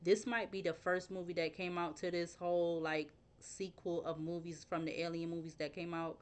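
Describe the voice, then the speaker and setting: A woman's voice: fairly low pitch, little pitch movement, normal speed, smooth. A young adult woman doing a casual tarot reading, rambling and thinking aloud, spelling words letter by letter. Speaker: tarot reader.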